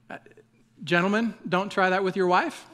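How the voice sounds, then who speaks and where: A middle-aged man delivers a Sunday sermon in an easygoing, chatty way, dropping jokes and asides between passages of scripture. His voice sits a little higher than most men's. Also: a bit bright. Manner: conversational preaching with humor and asides. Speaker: pastor.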